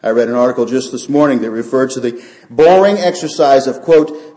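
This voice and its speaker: A man's voice: medium pitch, brisk, warm tone. A man preaching a sermon as pastor, talking earnestly and building up to emphatic peaks. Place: church sanctuary. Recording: echoey church sanctuary.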